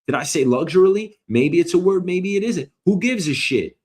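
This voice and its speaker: Middle-aged male comic host with a slightly high voice, loud profane rambling rant. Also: animated, moderate pace, breathy edge. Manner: loud, rambling, swears a lot, mock voices.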